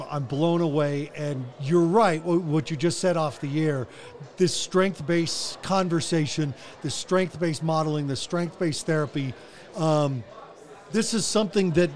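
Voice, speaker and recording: A man hosting a podcast interview, thinking aloud and often repeating words as he searches for them. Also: fairly high pitch. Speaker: podcast host. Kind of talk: casual interview.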